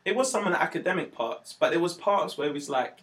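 Fast-talking comedian. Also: male voice, on the high side. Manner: animated, acts out quotes with raised voice, slangy. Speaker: comedian guest. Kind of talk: casual storytelling chat.

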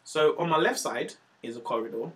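Young man, comedian guest, quick, slangy, lively storyteller, voice a touch high. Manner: animated, slangy, acts out voices in his stories. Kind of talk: casual storytelling chat.

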